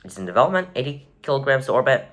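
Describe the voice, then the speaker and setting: Male vlogger, middle-pitched voice, casual and rambling, sarcastic throwaway asides, self-correcting. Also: sing-song, racing, a bit bright. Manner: wry, offhand, sarcastic asides. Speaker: vlogger rating rockets. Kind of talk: casual tier-list commentary.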